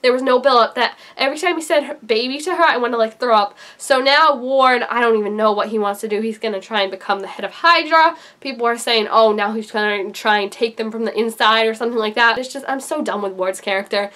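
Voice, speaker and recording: A young adult woman giving an excited, gushing recap of a TV episode, her voice leaping up for emphasis. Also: fast, few pauses. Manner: animated and gushing, jumps high for emphasis. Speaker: TV reaction vlogger.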